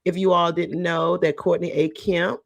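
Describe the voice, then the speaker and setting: A woman host with a gravelly, creaky edge to her voice, chatting loosely about entertainment news. She rambles and talks straight to her viewers, and her voice sits dry and close. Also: fairly low pitch, level tone, moderate pace, dry recording. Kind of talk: casual entertainment commentary.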